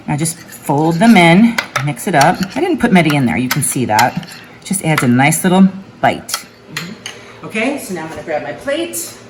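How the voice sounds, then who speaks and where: In her home kitchen, a middle-aged woman who vlogs about home cooking chats casually while showing a recipe. Her voice sits low, and she's folksy and talkative, with frequent "okay"s. The room is echoey, the mic distant, and the background noisy.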